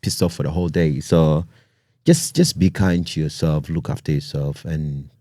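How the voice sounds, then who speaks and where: A man with a very low, mellow voice hosts a podcast and talks in an easygoing but earnest way. He often tags his thoughts with "you know" and "man". The sound is close and dry. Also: steady tone, moderate pace, no echo. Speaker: podcast host. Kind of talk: casual podcast monologue.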